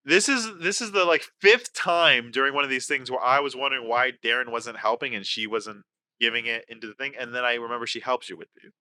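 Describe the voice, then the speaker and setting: A man's voice: medium pitch, fairly quick, pushed and bright. A man co-hosting a casual podcast, bursting into playfully exaggerated rants. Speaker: podcast co-host.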